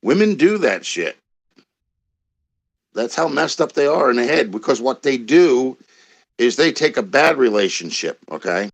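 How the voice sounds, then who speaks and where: A man's voice: medium pitch, big pitch swings, unhurried, long pauses. An older man in a played clip, talking plainly and explaining his views, often adding "you know.". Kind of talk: casual talk.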